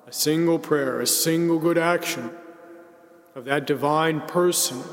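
A man preaching a sermon in a measured, reflective way, slowing down to stress key words. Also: on the high side. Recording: long reverb in a large hall.

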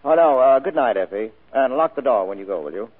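An actor playing a hard-boiled private detective in a vintage radio drama, terse and dryly wisecracking. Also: male voice, medium pitch, expressive, fast talker, lightly acted. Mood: businesslike. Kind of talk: 1940s radio acting. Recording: tinny old radio broadcast recording.

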